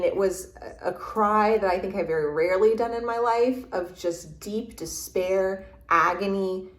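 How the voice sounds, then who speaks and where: Halting woman guest in a roomy space. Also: fairly low pitch. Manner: halting, searching for words with many restarts. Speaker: podcast guest. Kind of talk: reflective interview storytelling. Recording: roomy echo.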